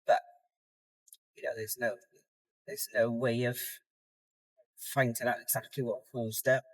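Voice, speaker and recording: A woman's voice: very deep voice, flat delivery, a little slow, no room sound, poor audio. A middle-aged woman, talking candidly in a casual vlog while she goes about her day. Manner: rambling and candid, soft and tired at times. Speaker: competitor vlogging her contest prep. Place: in a car.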